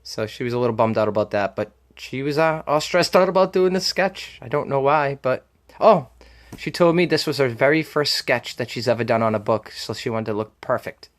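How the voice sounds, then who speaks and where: A man with a Boston accent talks through his collection in a relaxed show-and-tell vlog. He rambles freely, filling pauses with ums and uhs and laughing easily. His voice sits at an everyday middle pitch. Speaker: comic collector showing his haul.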